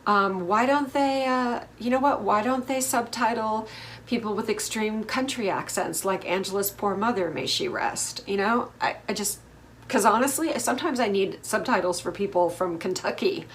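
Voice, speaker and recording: A woman's voice: mid-range voice, normal speed, a little hiss or hum. A middle-aged woman from the United States hosting a casual TV recap, chatty and opinionated with lots of fillers. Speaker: host.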